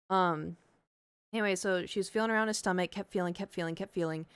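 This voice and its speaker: A woman's voice: medium pitch, steady tone, brisk, clear, resonant tone, no room sound. A woman streamer telling a story in casual chat, rambling with lots of fillers.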